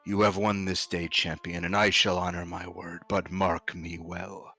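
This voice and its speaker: Cat emperor villain, male, pompous and slow-drawling, deep, put on by a man running the game. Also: level tone, bright, forceful tone, soft background music, full character voice. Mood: gloating. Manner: slow, drawn-out theatrical delivery.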